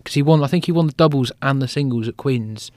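A man's voice: mid-range voice, fast, a little mellow, no room sound. A man co-hosting a casual sports podcast, blunt and opinionated, laughing easily.

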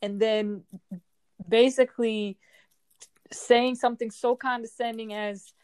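A woman in her forties speaking in an emotional personal monologue, heated and frustrated, with forceful outbursts. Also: mid-range voice, fairly even intonation, moderate pace, no echo. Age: 40s.

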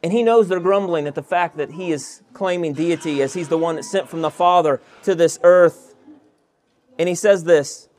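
A man's voice: fairly high pitch, normal speed, a little mellow. A male pastor preaching an expository sermon, reading scripture verses aloud and asking the listeners rhetorical questions.

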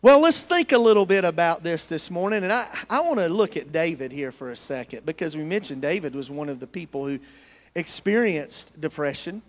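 A man's voice: fairly high pitch, expressive, fairly quick, big-room sound. A man from the United States preaching a sermon in a church, earnest and calling out to his congregation. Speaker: pastor. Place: church sanctuary.

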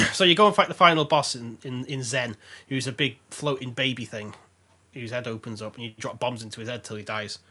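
Bright-voiced, husky podcast host. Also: male voice, medium pitch, fairly quick. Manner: laughs often, swears freely, sarcastic. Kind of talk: casual chat.

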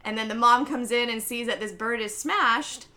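A woman's voice: a little high, moderate pace, sharp tone. A young woman recapping a movie in casual podcast chat, giggly and full of fillers. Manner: chatty, giggly, lots of fillers. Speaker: podcast co-host.

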